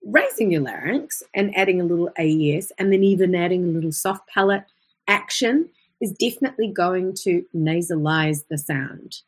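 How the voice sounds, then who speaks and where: A woman's voice: fairly low pitch, normal speed, husky. A woman with an Australian accent teaching a live online singing lesson, chatty and breaking into short vocal demonstrations as she explains. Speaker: voice coach.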